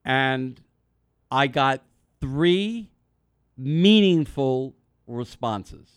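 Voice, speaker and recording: Rambling, animated male radio host. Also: mid-range voice, extremely slow, smooth, no echo, clean studio sound. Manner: rambling, animated storyteller with restarts. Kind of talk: casual talk radio chat. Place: radio studio.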